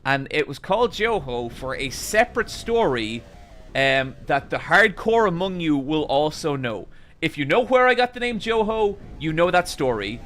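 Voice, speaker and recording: A man streamer telling a long anecdote to his chat, animated and casually swearing as he rambles. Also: fairly high pitch.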